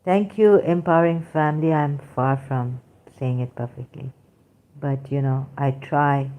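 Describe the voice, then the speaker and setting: A middle-aged woman hosts a livestream, chatting casually with her viewers in an animated, emphatic style packed with fillers as she reads the chat. Her voice is very deep and a little slow, and the audio sounds narrow and tinny.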